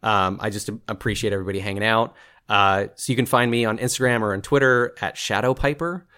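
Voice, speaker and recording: An enthusiastic man in his thirties chats as a guest on a podcast. His voice sits a little low, and he laughs often as he talks. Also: steady tone, brisk, sharp tone, clear, resonant tone. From Southern California. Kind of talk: casual interview chat.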